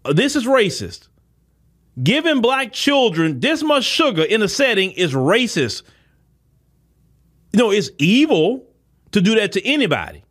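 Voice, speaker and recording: A man with a high voice runs his own podcast. He preaches in a heated commentary, circling back over the same points and calling out directly to his listeners. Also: sing-song, a little slow, long pauses, fairly bright tone. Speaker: podcast host. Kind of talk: impassioned commentary monologue.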